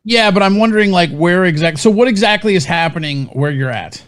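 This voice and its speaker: Crude, excitable male co-host. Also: sits high, fairly quick. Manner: crude, excitable, swears often. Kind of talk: casual chat.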